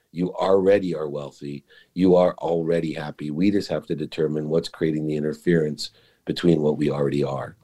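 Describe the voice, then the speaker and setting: A man's voice: extremely low pitch, warm tone, slightly rough. A middle-aged man, a guest in an interview, telling an emotional, confessional story about his life.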